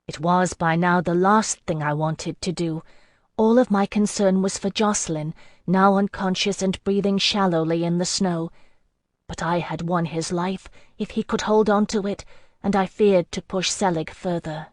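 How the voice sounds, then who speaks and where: Low-voiced woman narrating a novel. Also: no echo, studio quality. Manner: even, measured first-person narration. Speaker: audiobook narrator. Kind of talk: scripted narration.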